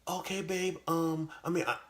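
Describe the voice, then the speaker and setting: A man's voice: on the high side, little pitch movement, fairly bright tone, pitched above the performer's own voice, lightly acted. A man voicing a meek young girlfriend in a comedy skit, stammering and hesitant. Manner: stammering, halting.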